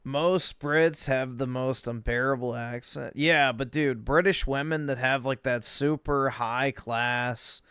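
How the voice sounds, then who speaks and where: A man's voice: mid-range voice, steady tone, slow pace, hardly any pauses, fairly bright tone, smooth, no echo, studio quality. A man streaming, giving blunt, profane reaction commentary.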